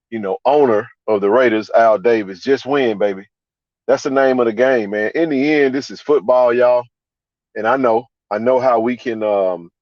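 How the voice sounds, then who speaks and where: A man hosting a live sports reaction stream, ranting in a fired-up, profane way and repeating himself for emphasis. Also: no room sound. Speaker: podcast host. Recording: dry, dull low-fi sound.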